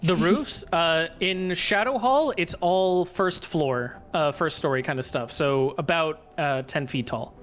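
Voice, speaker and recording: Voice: mid-range voice, measured pace, few pauses, fairly bright tone. A game master narrating a tabletop fantasy game with plenty of swearing and laughter. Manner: profane, laughs while narrating.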